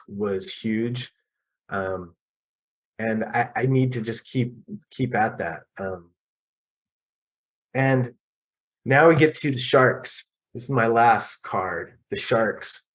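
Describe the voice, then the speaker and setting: A middle-aged man telling his personal recovery story at a support group meeting, halting and candid, with frequent restarts and pauses. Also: mid-range voice, low-quality recording.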